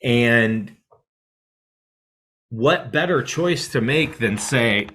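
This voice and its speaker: A man teaching a mindfulness class in a casual, rambling way, often checking in with "right?" and dropping to a soft hush to guide the breath. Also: mid-range voice, animated, extremely slow, long pauses, a little hiss or hum. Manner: drops to a soft hush when guiding breath.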